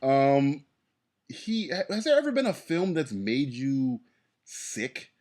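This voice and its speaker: A man's voice: mid-range voice, big pitch swings, takes it slowly, darkish tone. A man hosting a casual movie podcast, laughing often and restarting his sentences. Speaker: podcast host. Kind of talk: casual chat.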